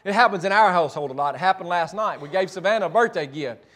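High-voiced preacher, folksy. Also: male voice, expressive, quick pace, fairly bright tone. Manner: folksy, conversational storytelling with frequent restarts. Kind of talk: sermon, retelling scripture.

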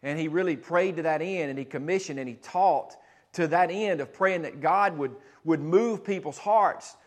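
Pastor, male, slightly higher voice, earnest teaching sermon with repeated phrases. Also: moderate pace.

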